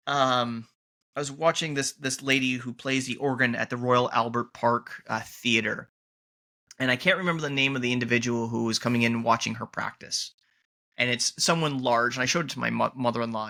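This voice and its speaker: A man's voice: medium pitch, sharp tone. A man hosting a podcast interview, talking in an emphatic way and repeating key points for stress. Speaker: podcast host. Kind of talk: conversational interview.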